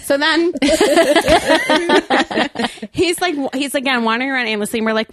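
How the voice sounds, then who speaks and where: A woman's voice: sits high, moderate pace, no echo. Laughing storyteller woman, dry sound. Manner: animated, laughs often while telling stories. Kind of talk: casual storytelling chat.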